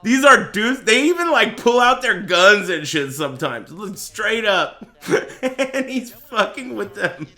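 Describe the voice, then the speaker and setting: A man's voice: high voice, a little slow. A man hosting a livestreamed podcast in casual chat, telling stories animatedly with a lot of swearing and laughter. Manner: profane, animated storytelling with frequent laughter. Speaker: streamer and podcast host.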